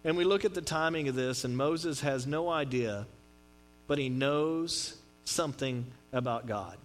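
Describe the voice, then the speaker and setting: A middle-aged man preaching a sermon in a conversational, joking way, with swings from loud to quiet. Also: mid-range voice, unhurried, faint music behind. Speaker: pastor.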